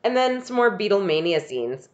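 Podcast co-host, animated recap chatter, wide lively pitch, lo-fi mic. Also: moderate pace. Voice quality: animated, laughing, hums music cues. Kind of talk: casual recap chat.

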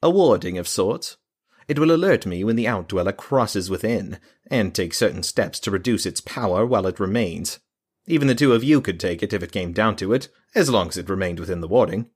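A man's voice: fairly low pitch, animated, fairly quick, slightly rough. A man voicing a haughty male mage who speaks in a pointed, condescending, commanding tone.

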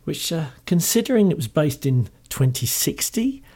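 A man's voice: on the high side, big pitch swings, moderate pace, dark tone, husky. A man with a Cockney accent hosting a show, talking in a chatty, amused, fond way. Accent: London Cockney. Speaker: podcast host. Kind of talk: casual enthusiastic commentary.

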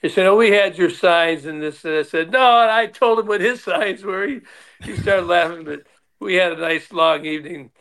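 A man in his sixties, guest and onetime player and manager, spins stories in an easygoing chat, imitating the people he quotes with animated flair. His voice is high and clean-toned, at a normal speed.

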